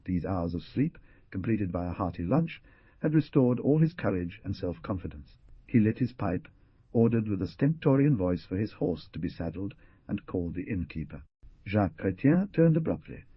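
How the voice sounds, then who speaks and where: A man narrating an audiobook in measured storytelling. His voice is low and husky, yet rises and falls a lot. The recording is dry, dull and lo-fi. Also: sing-song, dry recording. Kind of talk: scripted narration.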